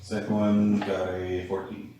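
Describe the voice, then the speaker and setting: A man playing a tabletop game, calmly calling out his attacks and rolls. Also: low voice, measured pace, muffled recording. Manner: matter-of-fact, calling out rolls. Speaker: player. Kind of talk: casual tabletop play. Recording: echoey room, far from the mic, hiss.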